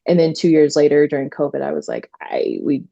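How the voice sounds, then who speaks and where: A woman attorney telling stories in a casual interview, animated, quoting herself and using many fillers. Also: low voice, quick pace, gravelly, lo-fi sound. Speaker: trademark attorney guest.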